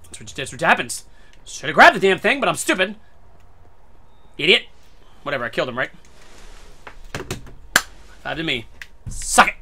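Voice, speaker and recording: A man's voice: on the high side, big pitch swings, normal speed, pauses often, sharp tone, slight background noise. A man hosting a gaming channel, giving casual gameplay commentary full of swearing and irritable rants.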